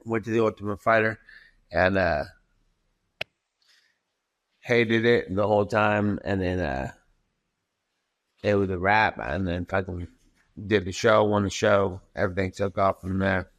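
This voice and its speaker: Man, fighter guest on a podcast, lowish voice, casual profane storytelling, acts out quotes, frequent restarts. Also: unhurried, pauses often, fairly bright tone.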